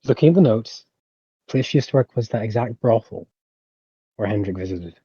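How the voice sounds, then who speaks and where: Male game master, calm rules voice, mellow and dry. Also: on the low side, moderate pace, breathy edge, dry recording, dull audio. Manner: calm, clarifies rules and rolls. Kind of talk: running a tabletop game over voice chat.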